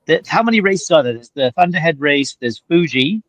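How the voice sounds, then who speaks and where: A man's voice: on the high side, expressive, a little fast, a bit bright, no echo. A man from Wales chatting on a podcast over a video call, stammering through restarts. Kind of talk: casual chat.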